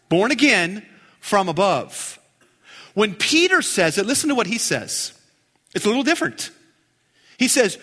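A man preaching a sermon as pastor, emphatic, stretching key phrases out and then dropping to a near hush. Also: high-pitched, sing-song. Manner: emphatic, drawn-out phrases with sudden drops to a hush. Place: church sanctuary. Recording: reverberant church hall.

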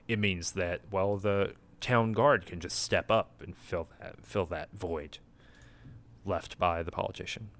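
A man's voice: sits low, steady tone, unhurried. A sleepy man in casual chat, rambling and chuckling as he retells a video game and quotes its characters. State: sleepy, yawning.

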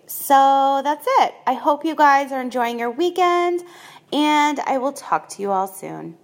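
A woman hosting her own podcast, talking casually and upbeat from her kitchen, full of "like" and "um", recorded on a phone. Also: mid-range voice. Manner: chatty, upbeat, filler-heavy with frequent "like" and "um". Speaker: podcast host. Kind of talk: casual solo podcast monologue. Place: home kitchen.

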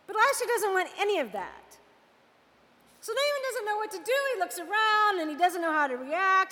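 A woman preaching a lively, conversational storytelling sermon. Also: very high-pitched, fairly quick, long reverb tail.

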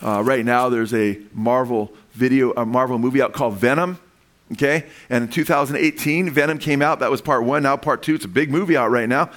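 A man preaching a sermon in a loose, conversational way, often restarting phrases and building to excited emphasis. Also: medium pitch, brisk. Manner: animated and conversational, with frequent restarts and rising emphasis. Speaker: pastor.

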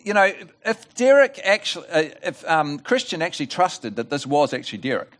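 A middle-aged man preaching a sermon at a church service, telling a joke as an animated storyteller with rambling asides and restarts. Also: on the high side, fairly quick. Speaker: guest preacher.

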